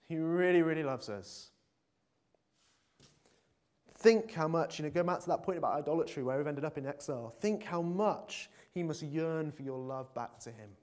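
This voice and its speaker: A man's voice: fairly high pitch, a little mellow. A man preaching a conversational sermon in a church, earnest and full of fillers, building to emphatic appeals.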